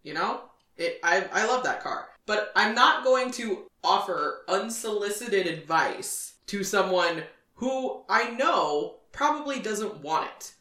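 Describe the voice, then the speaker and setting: A woman's voice: medium pitch, expressive, slow pace, pushed and bright, far from the mic. A woman co-hosting a podcast, giving her opinions in casual, chatty talk. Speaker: podcast co-host. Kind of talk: casual chat. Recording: echoey room, off-mic.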